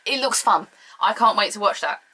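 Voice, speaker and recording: A woman's voice: medium pitch, animated, normal speed, sharp tone, slightly rough, poor audio. A British woman from the UK giving a casual solo review, blunt, sarcastic and opinionated. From United Kingdom. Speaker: show reviewer.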